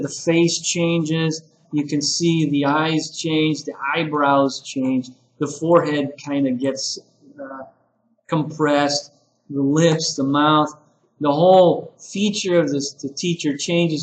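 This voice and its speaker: A man giving a relaxed lesson to ESL teachers, talking through example phrases with many fillers. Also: on the high side, slow pace, reverberant, poor audio. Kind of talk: casual spoken lesson to camera. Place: classroom with whiteboard.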